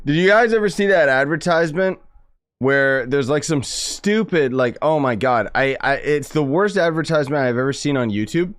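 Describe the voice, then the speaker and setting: A man's voice: on the high side, expressive, normal speed, fairly bright tone, soft background music. A man streaming a game, chatting casually, rambling and joking with lots of restarts. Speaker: gaming streamer. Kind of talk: casual gameplay chat.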